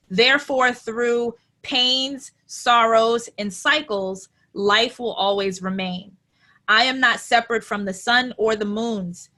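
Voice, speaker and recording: Give me a woman with a bright, slightly high voice hosting a reflective spiritual chat. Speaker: host. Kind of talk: casual spiritual chat, reading notes.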